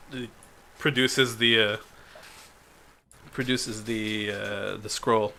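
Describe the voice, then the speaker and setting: A man's voice: lowish voice, steady tone, takes it slowly, vocal fry, pushed and bright. A man running a tabletop game as game master, easygoing and often laughing.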